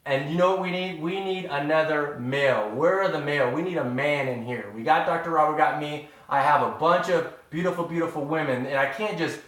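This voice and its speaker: A man's voice: a little high, fairly quick, few pauses. A man talking in a casual, rambling live-stream chat with his viewers, showing off groceries and homemade pickles in a kitchen. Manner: animated, rambling, addresses viewers as y'all. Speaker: vlogger. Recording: echoey room.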